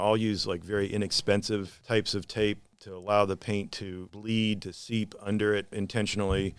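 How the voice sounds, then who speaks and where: A man, a painter, talking in a measured, thoughtful way about his work in an interview. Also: fairly low pitch, smooth, no echo. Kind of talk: gallery interview.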